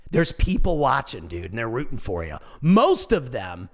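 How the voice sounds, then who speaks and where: A man in his forties delivering a casual motivational monologue, animated and goofy, swearing now and then. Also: medium pitch, moderate pace. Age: 40s. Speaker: motivational speaker.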